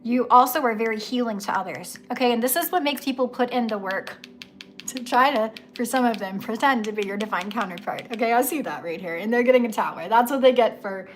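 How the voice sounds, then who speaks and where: A woman's voice: fairly high pitch, fast talker. A young woman giving a casual tarot reading, chatty and emphatic, with slangy asides and repeated key words. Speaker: tarot reader.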